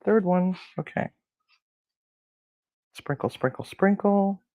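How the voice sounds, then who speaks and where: A man's voice: high voice, slow, warm tone, no echo, poor audio. A man hosting a casual cooking demonstration in a kitchen, rambling with crude jokes and lots of fillers. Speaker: cooking show host. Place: home kitchen.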